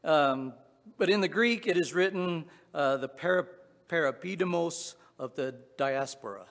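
Southwest Virginia man, fairly high voice, casual preaching style, reverberant hall. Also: expressive, a little slow. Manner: folksy, conversational with frequent uh and restarts. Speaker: pastor. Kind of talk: sermon.

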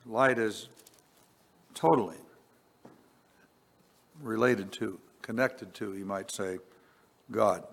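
Slow-preaching man in a reverberant space. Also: on the low side, gravelly. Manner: slow, deliberate, swells on scripture then drops quiet. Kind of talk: sermon. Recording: long reverb.

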